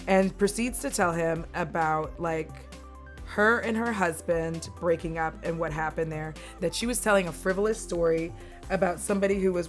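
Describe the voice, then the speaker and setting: A woman's voice: on the low side, moderate pace, soft background music. A young woman recapping a movie in a casual, rambling chat, swearing and wandering off on tangents.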